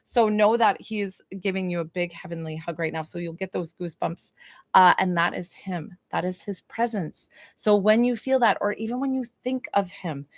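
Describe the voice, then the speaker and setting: A woman from New York giving a spiritual reading to a livestream audience. She gushes, laughs easily and keeps calling out to viewers in a middle-pitched voice. The sound is dry and close, like a phone held near. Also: moderate pace, no echo. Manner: gushing, laughs often, talks to viewers. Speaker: psychic medium.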